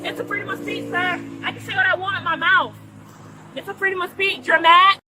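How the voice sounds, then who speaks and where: Agitated woman driver pleading with police, very high and bright, repeats herself, body-cam audio outdoors. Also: fairly even intonation, fairly quick, soft background music. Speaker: driver being arrested at a traffic stop. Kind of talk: heated argument with police. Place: outdoors at a roadside traffic stop. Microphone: police body-worn camera.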